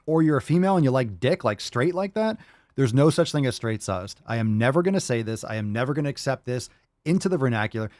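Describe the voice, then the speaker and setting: Loud sweary guy ranting on his podcast, voice jumping all over, dry close mic. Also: medium pitch, animated, fast talker, no room sound. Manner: brash, profane, mocking. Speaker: podcast host. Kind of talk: ranting reaction commentary.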